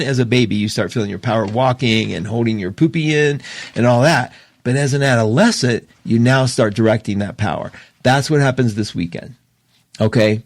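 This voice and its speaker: A man hosting an astrology show, talking casually and emotionally, opinionated and quick to laugh. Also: mid-range voice, no echo. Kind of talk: casual livestream talk.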